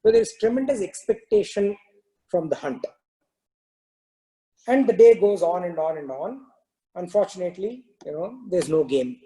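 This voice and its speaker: A man with a high-pitched, expressive voice and dark tone gives a scripture talk, explaining terms and recounting a parable in a loose, filler-heavy storytelling style. He speaks at a moderate pace with long pauses, on a low-quality recording.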